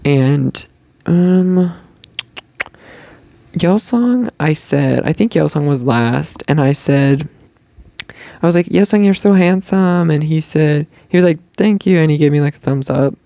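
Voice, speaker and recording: A man's voice: fairly high pitch, slow, creaky, pauses often, dark tone, dry recording. A young man hosting his own podcast, chatting casually and gushing about a concert, full of "like" and "um". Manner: gushing, chatty fan talk with many likes and ums. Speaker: podcast host. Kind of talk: casual storytelling chat.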